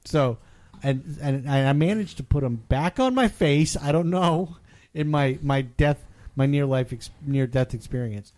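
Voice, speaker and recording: A man co-hosting a podcast, telling a story in a casual, animated way and loudly acting out what people said. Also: on the high side, unhurried. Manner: animated, acts out quotes loudly. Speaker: podcast co-host.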